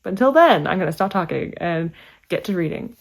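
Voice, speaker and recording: Woman book vlogger, casual chat to camera, filler-heavy and animated. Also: a little fast, gravelly. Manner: chatty, many "like" fillers, animated pitch swings.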